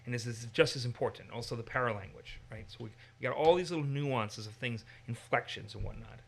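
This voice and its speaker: An American man teaching in a casual discussion, animated and given to acting out voices in his examples. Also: medium pitch, quick pace, gravelly. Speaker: Bible teacher.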